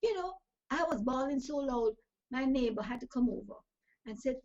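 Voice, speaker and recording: Woman, high voice, preachy motivational talk, muffled lo-fi sound. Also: animated, moderate pace, a little mellow. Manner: preachy, emphatic, with scripture phrases. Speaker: talk show host and life coach. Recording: dull lo-fi recording.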